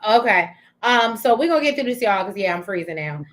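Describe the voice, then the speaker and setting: A chatty woman, co-hosting a casual TV recap. She thinks aloud with frequent "um"s. She talks over a video call at a middle pitch. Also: animated, a little fast. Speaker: co-host of a TV recap show.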